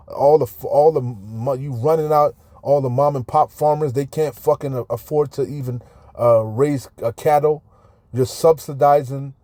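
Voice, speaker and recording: A man's voice: mid-range voice, dark tone, no echo. A man giving impassioned, profane Bible commentary in slangy street talk, often repeating and stumbling over words. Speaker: online scripture commentator. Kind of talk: informal fiery Bible commentary.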